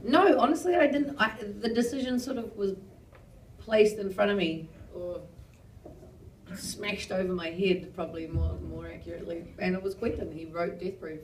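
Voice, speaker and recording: A woman's voice: mid-range voice, normal speed, slight background noise. A woman from New Zealand with a New Zealand accent, telling stories as a guest at a live panel, chatty and self-mocking with frequent swearing. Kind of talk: rambling live panel talk. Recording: roomy hall audio, distant mic.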